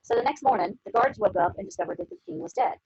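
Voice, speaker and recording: Lady teacher telling a story to her class, lively pitch, husky, dull dry audio. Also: fast, dry recording. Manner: chatty, lots of fillers like 'you know'.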